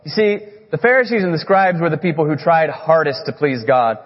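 A man preaching a sermon as a pastor, earnest, leaning on key words with slow, emphatic phrasing. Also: a little high, lively intonation. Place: church sanctuary. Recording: echoey hall, muffled sound.

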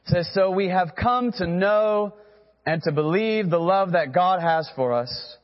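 A man's voice: high voice, expressive, unhurried, long reverb tail, dull audio. A man preaching a sermon as pastor, earnest and direct, who has the congregation repeat phrases after him.

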